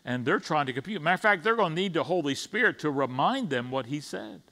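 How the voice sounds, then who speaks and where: A man's voice: a little high, animated, fast talker, sharp tone. A man preaching a conversational sermon in church, stumbling over restarts and acting out the disciples' side in paraphrase. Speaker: pastor. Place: church sanctuary.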